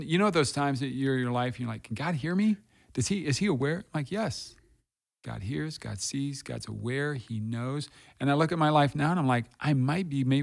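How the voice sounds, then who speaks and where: A man's voice: mid-range voice, gravelly. A middle-aged man, a pastor, talking candidly and earnestly about his faith and hard times, repeating phrases for emphasis. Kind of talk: candid conversational testimony.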